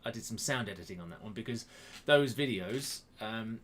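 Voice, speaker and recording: There's slight background noise as a man with a fairly low, expressive, somewhat bright voice hosts a home quiz stream at a moderate pace. He's chatty and self-deprecating, greeting viewers by name in casual live-stream talk picked up by a webcam near his face.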